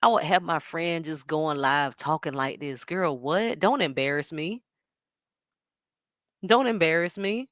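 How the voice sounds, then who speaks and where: A woman hosting a show, talking in an animated, sassy way with plenty of slang while she reacts to a stream. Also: low-pitched, measured pace, no room sound, clean studio sound. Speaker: show host. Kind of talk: casual commentary reacting to a stream.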